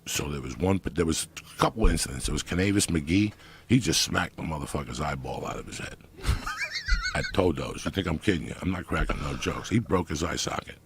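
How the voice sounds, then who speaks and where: Gravelly deep-voiced man telling wild stories. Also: brisk, a little hiss or hum. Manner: loud animated storytelling with heavy swearing. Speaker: podcast guest storyteller. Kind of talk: profane comedic storytelling.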